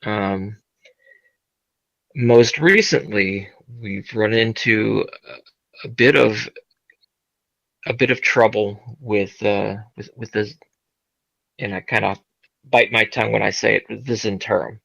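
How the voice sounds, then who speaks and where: Gravelly young man, hesitant player. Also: lowish voice, a bit bright, no echo, highs cut off. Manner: hesitant, halting with "uh". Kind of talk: in-character tabletop role-play.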